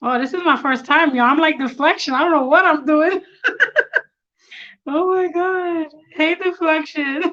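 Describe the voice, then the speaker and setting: A woman hosting a casual live stream, excitable and quick to laugh, flustered as she works out the tech on her tablet. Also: high voice, lo-fi sound. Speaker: livestream host.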